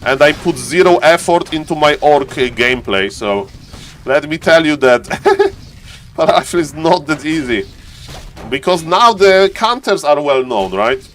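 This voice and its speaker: Excitable streamer casting a strategy game. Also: male voice, a little high, a little slow, a little hiss or hum. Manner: excitable, repeats phrases, addresses chat by name. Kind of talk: excited live game commentary and chat.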